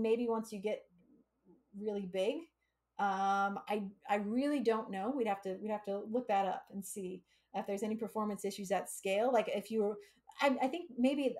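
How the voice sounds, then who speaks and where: A woman's voice: mid-range voice, a little mellow. A woman hosting a live coding stream, thinking aloud as she works and explaining with everyday analogies. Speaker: coding livestream host.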